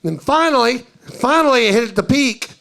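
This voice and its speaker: A middle-aged man from East Tennessee with a Southern accent, doing a stand-up comedy set and acting out tourists in a higher voice. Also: animated, normal speed, creaky, sharp tone. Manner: storytelling, acts out tourists in a higher voice.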